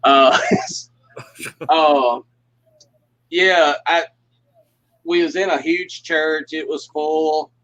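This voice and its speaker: A man's voice: on the high side, steady tone, drawn-out words, long pauses, bright, forceful tone. A man on a livestream call, telling long folksy stories and laughing often as he goes. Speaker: guest puppeteer. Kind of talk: casual livestream chat, storytelling. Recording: muffled lo-fi audio.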